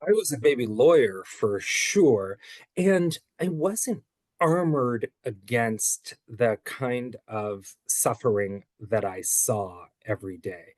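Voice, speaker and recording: A man in his forties, an author and former public defender, giving earnest, measured interview answers. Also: medium pitch, expressive, dry recording.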